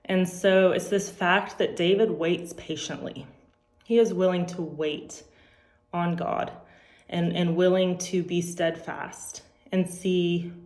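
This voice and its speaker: A woman in her forties, a teacher giving an earnest, halting church devotional with frequent ums. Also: lowish voice, a little mellow, echoey room. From California. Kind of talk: personal devotional talk.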